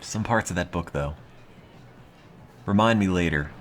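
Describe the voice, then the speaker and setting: A man streaming casually, reading aloud with a dry, deadpan, self-mocking monotone. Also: sits low, measured pace, faint music behind. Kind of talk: casual live-stream chat.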